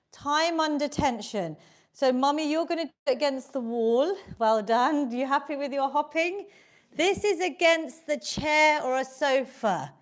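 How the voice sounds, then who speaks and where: A woman instructor runs a live online workout, her voice set high. She talks at a slow, steady pace, calling out each movement and counting reps. She keeps encouraging everyone the whole way through. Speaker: fitness instructor. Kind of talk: coaching a live online exercise class.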